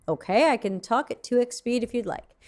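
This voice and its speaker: A woman's voice: on the high side, animated, brisk, a little mellow. A woman hosting a livestream from her desk, reacting to viewer submissions in a frank, mildly snarky way with plenty of ums and restarts. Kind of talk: casual livestream commentary.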